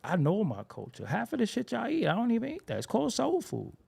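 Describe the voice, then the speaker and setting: Man, podcast host, heated casual talk, lively pitch, warm dark timbre. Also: fast, vocal fry, husky. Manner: animated, preachy, swears a lot.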